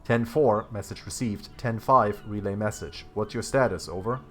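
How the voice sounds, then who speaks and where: A man's voice: lowish voice, moderate pace, fairly bright tone, faint music behind, natural voice. A man doing a rattly old radio operator. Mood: formal. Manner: clipped radio code talk.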